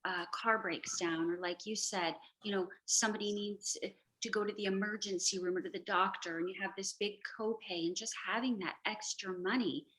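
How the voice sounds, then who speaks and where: A woman host speaks in a bright, forceful voice. She talks effusively and chattily, leaning emotional as she steers a casual interview. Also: medium pitch, steady tone, normal speed, low-quality recording. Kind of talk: casual chat.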